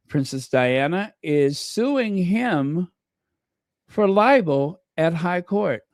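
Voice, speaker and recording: Man, channel host, casual commentary, unhurried, thinks aloud. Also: sits high, dry recording. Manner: chatty, thinks aloud, reads out viewer comments.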